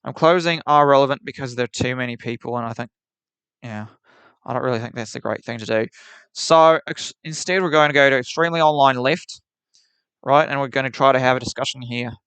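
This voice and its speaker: A man streaming live answers his chat with firm opinions, faking a New Zealand accent and restarting and repeating words along the way. He speaks briskly in a medium pitch with a clean, fairly bright tone and no room sound.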